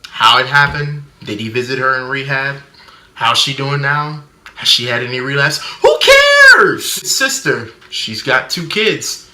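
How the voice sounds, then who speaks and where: A man's voice: mid-range voice, moderate pace, reverberant, noisy background. A man doing a comedic movie review rant, sarcastic, mimicking people and shrieking a running punchline.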